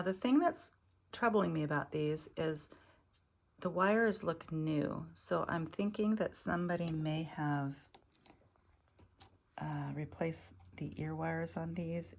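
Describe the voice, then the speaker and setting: Casual woman vlogger with a low, gravelly voice, enthusiastic, sometimes hushed. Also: a little hiss or hum. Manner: chatty, enthusiastic, drops to soft near-whispers over delicate pieces. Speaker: vintage jewelry reseller showing finds. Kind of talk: casual show-and-tell vlog.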